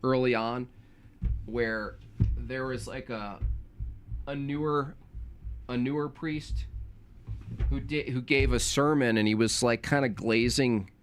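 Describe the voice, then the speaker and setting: A man's voice: medium pitch, slow, long pauses, a little hiss or hum. A young man talking casually on a live stream, rambling and correcting himself, with informal slang.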